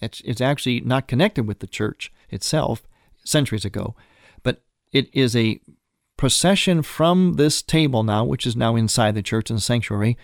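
A man, a priest, explaining the liturgy in a measured, reverent way and reading prayers aloud, rising in pitch on key words. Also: animated, gravelly, no echo, clean studio sound.

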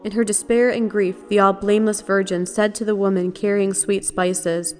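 A woman giving a measured, reverent reading of liturgical texts. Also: mid-range voice, flat delivery, a little mellow.

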